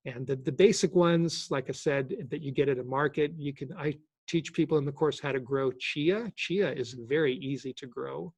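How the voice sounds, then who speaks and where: A man in his sixties hosting a casual question-and-answer webinar, talking in a relaxed, halting way with many restarts. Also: medium pitch, breathy edge, no room sound. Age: 60s. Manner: halting, repeats words, relaxed. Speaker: host.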